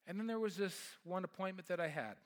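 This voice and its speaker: A middle-aged pastor preaches, animatedly telling his own story and moving between loud and soft tones. His voice sits high and he talks fairly quickly.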